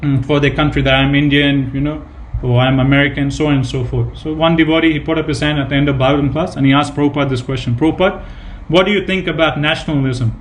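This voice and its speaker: A man with a higher voice and steady tone teaches a devotional scripture class quickly, barely pausing at all. He retells anecdotes with emphatic repetition and casual filler words, over a slight hiss or hum.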